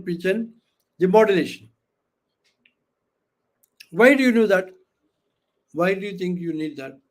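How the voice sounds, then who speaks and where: A man giving an interactive online lecture, often asking the audience questions and filling with "okay" and "you know", speaking over a video call microphone. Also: sits high. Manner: acts out quoted speech with lively voices. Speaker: webinar trainer.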